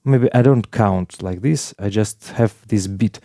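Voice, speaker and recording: A man teaching a piano lesson in plain talk, with halting phrasing, counting beats aloud while he plays. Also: on the low side, no room sound, clean studio sound. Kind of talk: casual piano tutorial. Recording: piano playing loudly alongside.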